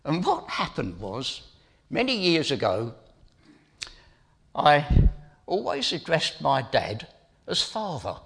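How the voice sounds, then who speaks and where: A man's voice: on the high side, huge pitch swings, slow, gravelly, long pauses, fairly bright tone. A middle-aged man giving an informal sermon as preacher, telling a family story in a chatty way with asides to his listeners.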